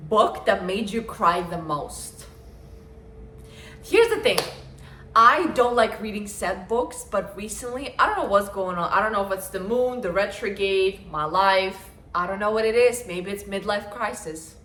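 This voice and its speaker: A woman's voice: medium pitch, normal speed, hardly any pauses, bright, forceful tone, slight background noise. Gushing young woman in an echoey room. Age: 20s. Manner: gushing, chatty, with lots of fillers. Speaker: book vlogger. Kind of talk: casual chat.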